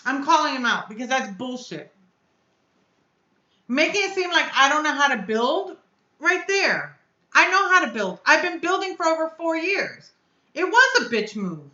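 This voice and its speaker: A woman's voice: sits high, sing-song, normal speed, bright, forceful tone, reverberant, dull audio. A woman hosting her own live stream as a reviewer, upset and blunt, venting and cursing as she speaks to her chat. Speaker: vape reviewer and channel host.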